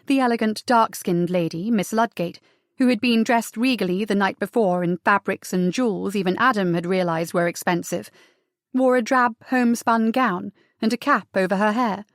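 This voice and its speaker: A woman's voice: mid-range voice, moderate pace, no room sound, clean studio sound. A woman narrating a historical romance audiobook steadily and expressively. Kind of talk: scripted narration.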